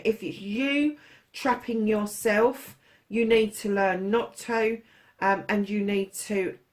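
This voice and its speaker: A woman giving a casual tarot reading to her viewers, blunt and frank, swearing freely and calling listeners darling. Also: a little high. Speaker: tarot reader.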